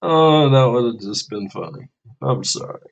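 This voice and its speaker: A man's voice: medium pitch, expressive, moderate pace, creaky, dull audio, a little hiss or hum. A man reacting to a story video, swearing freely and laughing as he comments. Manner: profane, laughing, emphatic asides.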